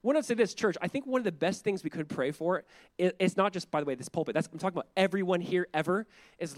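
A male pastor preaching a sermon in a conversational, animated way, full of asides and quick restarts. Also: high-pitched, no echo.

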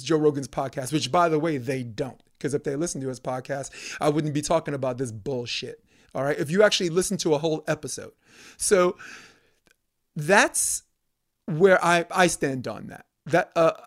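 A man from Brooklyn, a podcast guest ranting heatedly and profanely, hammering points through repetition. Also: on the high side. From Brooklyn, New York. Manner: profane, emphatic, repeats phrases for emphasis. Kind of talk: heated conversational rant.

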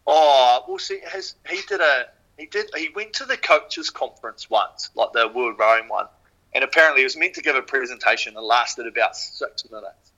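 A former rower with a New Zealand accent tells casual stories as a podcast guest, animated and swearing freely with plenty of fillers. His voice is mid-range at normal speed, and the audio sounds dull.

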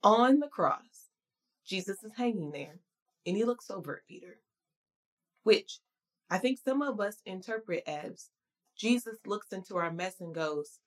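A woman's voice: medium pitch, lively intonation, unhurried, pauses often. A woman preaching a casual devotional sermon in a conversational, slangy and emphatic way.

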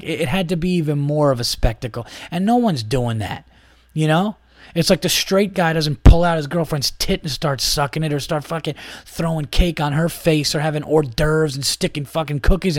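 A man's voice: a little high, no echo. A man hosting a podcast, ranting in a casual, profane, exasperated way with many restarts. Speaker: podcast host.

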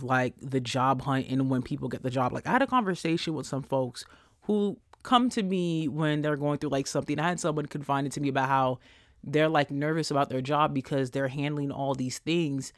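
A young adult podcast host talking straight to listeners in a casual rant, blunt and sassy, full of swearing, with big swings in pitch. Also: fairly bright tone, no room sound, studio quality. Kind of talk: casual ranting monologue.

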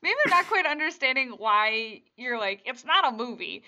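A woman's voice: on the high side, expressive, moderate pace, pushed and bright. A young woman co-hosting a podcast, chatting animatedly about movies, swearing and laughing often. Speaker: podcast co-host. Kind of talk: casual chat about movies. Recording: dull lo-fi sound.

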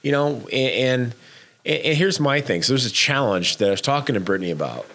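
Animated fast-talking man giving a pep talk. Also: medium pitch. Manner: animated and emphatic, with frequent restarts; blunt, swears casually. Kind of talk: casual motivational chat.

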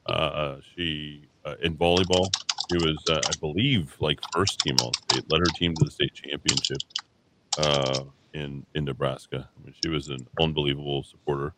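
A man's voice: rumbling low, steady tone, normal speed, heavy background noise. A man hosting a talk radio show from a station studio, rambling opinionated monologue full of hesitations and restarts.

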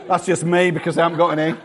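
A man's voice: on the high side, a bit bright. A middle-aged man preaching a sermon as pastor in a church, chatty and self-mocking, with frequent restarts and jokes to the congregation.

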